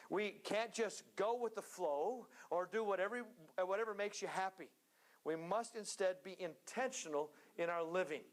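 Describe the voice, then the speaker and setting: A man preaching a sermon in a church, earnest and steady, now and then slipping into joking asides. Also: fairly high pitch.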